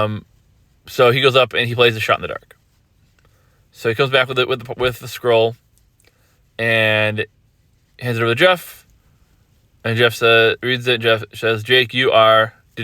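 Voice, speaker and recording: A man hosting a podcast, casually recapping reality TV episodes, rambling and correcting himself as he retells scenes with quick quoted asides. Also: mid-range voice, little pitch movement, sharp tone, clear, resonant tone, no echo, clean studio sound.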